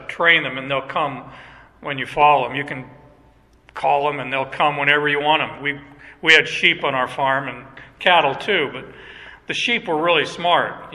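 A man preaching a sermon, reading scripture aloud and explaining it slowly and with emphasis. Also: a little high, pushed and bright, in a large hall. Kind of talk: expository sermon.

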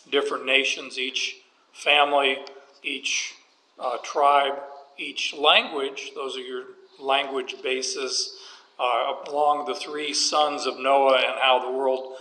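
Slow, bright-voiced preacher in an echoey hall. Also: male voice, mid-range voice. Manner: folksy, joking asides while teaching scripture. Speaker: pastor. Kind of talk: sermon. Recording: echoey hall with long reverb.

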